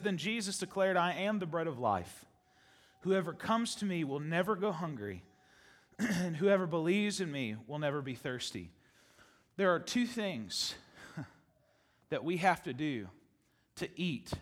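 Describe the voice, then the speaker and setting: A male pastor preaching a sermon to his congregation, animated, repeating phrases for emphasis and laughing often. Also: on the high side, a little slow. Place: church sanctuary with congregation.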